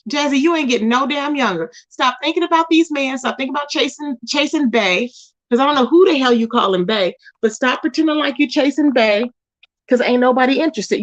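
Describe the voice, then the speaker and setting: A woman hosting her own commentary channel, ranting and scolding someone directly and repeating their name. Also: sits high. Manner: scolding, confrontational, keeps repeating the target's name. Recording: dull lo-fi recording.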